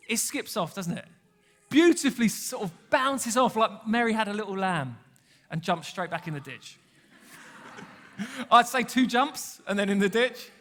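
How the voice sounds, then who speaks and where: A man's voice: sits high, a bit bright. A man preaching a sermon, telling stories and asking the congregation questions. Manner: conversational storytelling, asks the congregation questions. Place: church hall. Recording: long church hall reverb.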